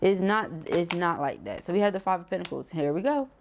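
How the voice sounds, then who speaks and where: A woman in her thirties gives a casual tarot reading with a slightly low, sore-throated voice. She talks in an emphatic, preachy way, peppered with slang and rhetorical questions to her viewers. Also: expressive, fairly quick. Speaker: tarot reader.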